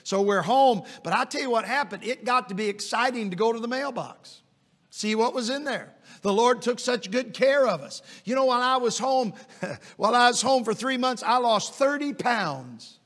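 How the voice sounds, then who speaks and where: A middle-aged evangelist gives a sermon at a moderate pace, with lively intonation and a high, ringing voice that carries on the sanctuary's long reverb. Folksy stories lead into loud, emphatic climaxes.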